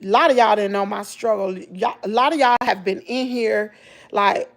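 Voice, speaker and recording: A middle-aged Southern woman with a medium-pitched voice speaks at a moderate pace. She's a vlogger talking casually and emotionally to her viewers about hard times, telling her story with animation and calling them "y'all."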